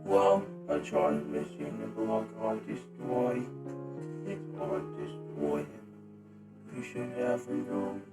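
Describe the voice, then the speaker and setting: A performer voicing a character with halting, broken phrasing in an amateur fan drama. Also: mid-range voice, animated. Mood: rambling. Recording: echoey with loud guitar music.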